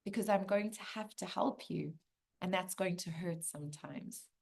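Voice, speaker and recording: A woman voicing an old, wise male soul who speaks softly and sadly. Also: moderate pace, gravelly. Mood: sorrowful. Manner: soft, low and quiet.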